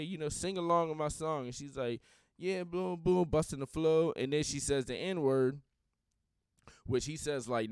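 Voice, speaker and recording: Blunt, rambling man with smooth voice. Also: mid-range voice, darkish tone, dry recording, studio quality. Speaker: podcast host. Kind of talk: casual opinion monologue.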